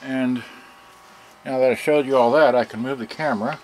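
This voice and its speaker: A man casually demonstrating a serviced stereo, talking in halting bits as he thinks aloud and works the gear. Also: mid-range voice, fairly even intonation, a little mellow, a little hiss or hum, low-quality recording.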